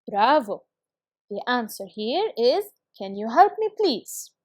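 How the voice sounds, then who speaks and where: A woman teaching an English lesson to schoolchildren on video, reading example phrases slowly and carefully and often praising her students. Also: on the high side, sing-song, no room sound, clean studio sound.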